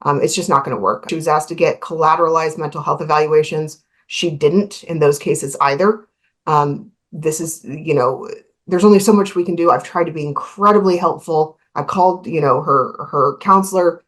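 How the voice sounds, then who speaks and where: A woman's voice: sits low, moderate pace. A woman attorney arguing in a court hearing, matter-of-fact and frustrated.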